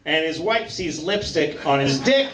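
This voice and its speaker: Deadpan stand-up comedian, lively pitch. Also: male voice, heavy background noise. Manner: halting, deadpan delivery of crude bits, full of fillers. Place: comedy club stage. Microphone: handheld stage mic. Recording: roomy club, loud laughing crowd. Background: laughing audience.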